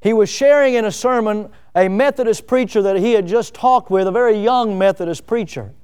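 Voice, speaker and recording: A male pastor preaching a sermon, building to emphatic peaks and then dropping to soft, quiet lines. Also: high voice, a little fast, clean tone.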